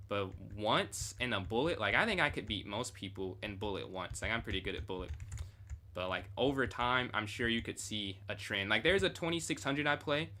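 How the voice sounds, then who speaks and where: A man's voice: on the low side, animated, moderate pace, bright, forceful tone. A young man casually reviewing his own chess game on a stream, thinking aloud and chatting with viewers.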